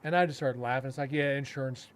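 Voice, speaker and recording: A man's voice: medium pitch, steady tone, clean tone. A man casually telling a long story, rambling with fillers and restarts and acting out what others said. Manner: rambling, with frequent fillers and self-restarts, chuckling; acts out other people's lines in quick quotes. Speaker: paranormal investigator and podcast host.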